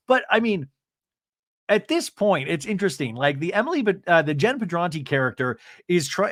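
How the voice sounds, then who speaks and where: A man hosting a podcast, recapping a reality show in casual, animated chat with jokey asides. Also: fairly high pitch, no echo, clean studio sound. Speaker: podcast host.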